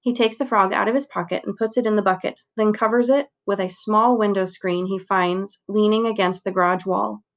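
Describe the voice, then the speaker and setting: A woman steadily reading a children's novel aloud, narrating clearly. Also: medium pitch, steady tone, brisk, hardly any pauses. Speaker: reader.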